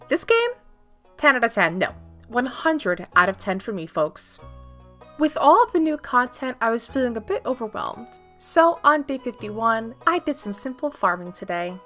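A woman's voice: on the high side, bright, forceful tone. A young woman, a gaming YouTuber, giving upbeat, playful scripted narration of her gameplay as a voice-over. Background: faint background music.

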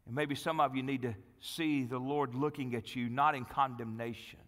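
A male pastor preaching a sermon, telling a Bible story with dramatic swings from loud, lively delivery to hushed, pleading tones. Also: mid-range voice, normal speed, few pauses, big-room sound. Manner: dramatic storytelling, acting out Bible dialogue, dropping to hushed pleas. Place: church sanctuary.

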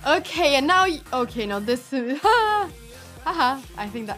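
A young woman streaming chess, commentating her own games with excitable exclamations and frequent laughter. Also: sits high, measured pace, faint music behind.

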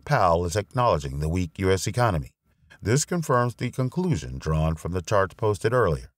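Deep-voiced man narrating, lively and dry. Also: normal speed, dry recording. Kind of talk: reading a finance blog essay aloud.

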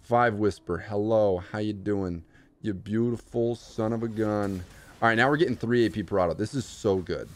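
A young man streaming live gameplay commentary, excitable, swinging from low mutters to shouts. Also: normal speed.

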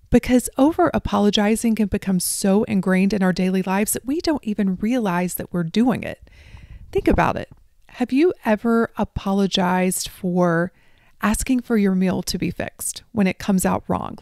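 A woman life coach hosting a solo podcast, talking straight to her listeners and dropping into soft asides. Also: mid-range voice, gravelly, dry recording, clean studio sound. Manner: addresses listeners directly, drops into soft asides.

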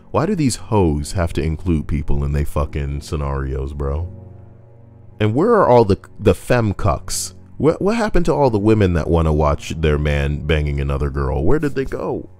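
A man's voice: extremely low pitch, darkish tone. A man doing comedic commentary as a streamer reading online posts, crude and jokey, slipping into silly voices and singing.

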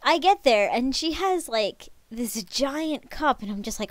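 Woman streamer, fairly high voice, animated and chatty, dry close mic. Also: unhurried, dry recording. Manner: animated, chatty storytelling with laughs. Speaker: streamer host. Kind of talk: casual chat on a live stream.

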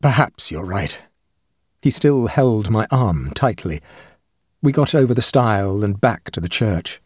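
A man reading a ghost story aloud in measured, dramatic scripted narration. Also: lowish voice, expressive, no echo, studio quality. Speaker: audiobook reader.

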